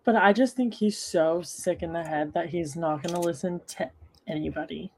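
A woman's voice: fairly low pitch, moderate pace, breathy edge. A young woman co-hosting a casual podcast, giving blunt, dismissive opinions. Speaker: podcast co-host.

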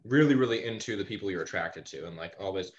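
A man runs a tabletop game over a voice call, explaining at length in an opinionated, lecturing way. His voice is fairly low, and the call audio is dull with a faint hiss. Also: animated, fast. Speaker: game master. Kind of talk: casual game session chat.

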